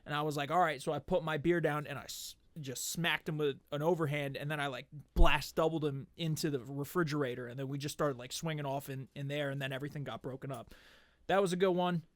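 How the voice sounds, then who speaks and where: A man guesting on a casual podcast, telling stories with lively swearing and acting out other people's lines. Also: on the high side, quick pace, dry recording. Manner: animated storyteller who acts out what others said; swears freely. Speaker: podcast guest, MMA striking coach and fighter. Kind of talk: casual podcast chat, storytelling.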